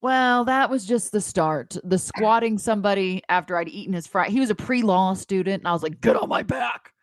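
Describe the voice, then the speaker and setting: A woman in her thirties chats on a podcast, telling self-mocking stories in an animated voice. Her pitch sits mid-range and swings widely as she talks. The recording is dry and close, with no room sound. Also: a little fast, dry recording. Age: 30s. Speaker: podcast co-host. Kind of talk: casual chat.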